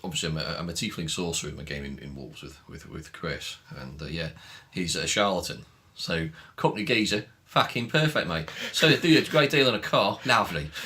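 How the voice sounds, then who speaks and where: A man, co-host and game master, in jokey casual podcast chat that drops into quiet asides. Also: low voice, animated, a little fast, hardly any pauses.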